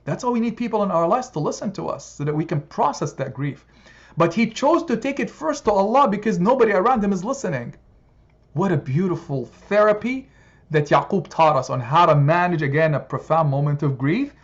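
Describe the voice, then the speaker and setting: A religious teacher delivers a heartfelt, sermon-style lesson to a study circle at a fairly quick pace. He's expressive and builds to emphatic high points. The sound is slightly dull, with faint background noise.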